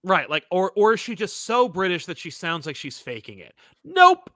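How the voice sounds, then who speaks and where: A man co-hosting a casual movie chat, rambling and animated, full of fillers and restarts, slipping into mock voices to quote people. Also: sits high, brisk, dry recording, studio quality. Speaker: podcast co-host.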